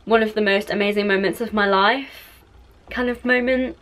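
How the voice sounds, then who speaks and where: A young woman chats through a casual vlog recap. She rambles and loops back on herself, leaning on plenty of fillers. Her voice sits at an ordinary middle pitch. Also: steady tone, normal speed, a bit bright. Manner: rambling, chatty, many fillers. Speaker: vlogger.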